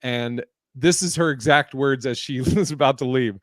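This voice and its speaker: A man telling a story in a casual podcast chat, animated and profane, laughing often as he talks. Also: mid-range voice, normal speed, no echo, clean studio sound.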